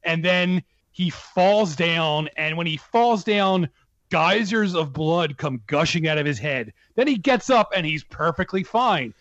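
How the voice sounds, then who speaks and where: A man in a casual film talk, speaking with excited emphasis and frequent laughter. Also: fairly high pitch, measured pace, no echo, dull audio. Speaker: film podcast co-host. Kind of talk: casual chat.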